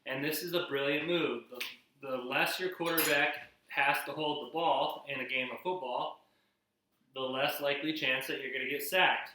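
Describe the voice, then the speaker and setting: Young male home-cook host, chatty and unpolished, bright forceful voice, roomy echo, slightly distant mic. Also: mid-range voice, fairly even intonation, normal speed. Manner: rambling, filler-heavy, restarts often. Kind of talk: casual cooking vlog with sports talk. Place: home kitchen. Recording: echoey room, a bit off-mic.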